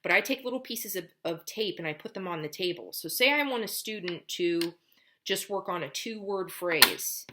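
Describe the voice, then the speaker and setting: A woman's voice: on the low side, expressive, moderate pace, bright, forceful tone, a little hiss or hum. A woman speech teacher explaining patiently to parents, step by step, how to build a child's language at home. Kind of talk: instructional lesson for parents.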